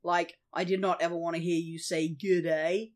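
A young Australian woman co-hosting a casual podcast chat, animated and sweary, laughing often. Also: on the low side, moderate pace. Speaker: podcast co-host.

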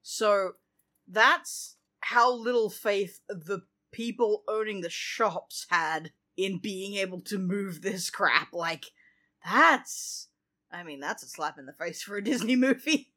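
Woman co-host, sarcastic and gleeful in casual banter, average pitch. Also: slow, pushed and bright. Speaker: podcast co-host. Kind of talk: casual chat.

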